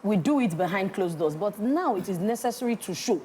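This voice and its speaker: A woman's voice: medium pitch, animated, fairly quick, a little mellow, a little hiss or hum. A woman with a Nigerian English accent co-hosting a radio talk show. She gives firm opinions with a joking edge. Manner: opinionated, jokey, mixes in pidgin. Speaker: co-host.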